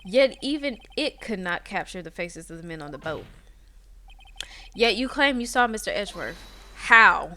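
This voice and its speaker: Woman reading a determined young defense attorney from a game, pointed and bright. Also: mid-range voice, lively intonation, normal speed, slight background noise. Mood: insistent. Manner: insistent, pointed.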